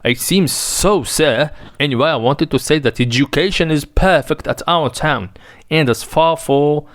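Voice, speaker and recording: A man reading the part of a nervous, tongue-tied male school superintendent in a dramatic reading of a play, speaking haltingly. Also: fairly high pitch, no room sound, natural voice.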